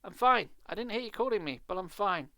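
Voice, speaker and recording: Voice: medium pitch, animated, brisk, fairly bright tone, dry recording, pitched above the performer's own voice. A reader voicing a cocky boy who brags and teases his friends, in a live storybook reading. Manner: cocky, bragging.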